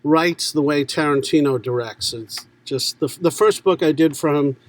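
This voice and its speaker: A man's voice: fairly high pitch, normal speed. A man from New York, a guest voice actor chatting casually on a podcast and cracking jokes. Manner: wisecracking, laughs often.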